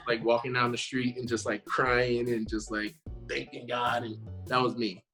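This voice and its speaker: A man in his thirties tells a story in a casual interview, voice pitched right in the middle. He springs into little acted-out quotes and laughs as he goes. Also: normal speed, over music, poor audio. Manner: animated storyteller, acts out quotes, laughs often. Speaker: guest actor.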